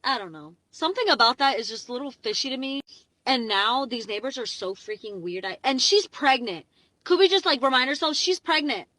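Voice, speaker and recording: Young woman vlogging from her car, rambly and excitable, lots of likes, dry close phone sound. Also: high-pitched, fairly quick, dry recording, rough recording. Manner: chatty, rambling, heavy "like" fillers, excitable. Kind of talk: casual storytime vlog.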